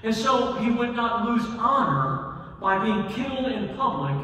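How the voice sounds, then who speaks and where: A man preaching a sermon, telling a Bible story with swings between loud emphasis and quiet asides. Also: very high voice, very animated, measured pace. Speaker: pastor. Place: church sanctuary. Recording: echoey hall, from far off, faint ambience.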